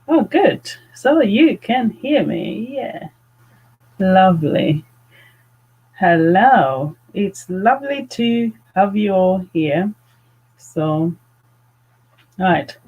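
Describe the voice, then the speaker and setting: A woman hosting a live fragrance chat, gushing with excitement and greeting viewers by name. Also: on the low side, slightly rough, muffled recording. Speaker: fragrance channel host.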